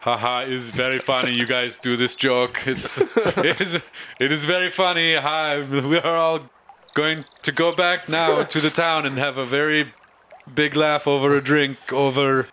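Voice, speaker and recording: A man's voice: fairly high pitch, fairly even intonation, a little slow, pushed and bright, a little hiss or hum, pitched above the performer's own voice. A man doing a sweaty, nervous foreign-accented captive. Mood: nervous, jovial. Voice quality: clumsy put-on foreign accent. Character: nervous honorable male festival competitor with fake accent.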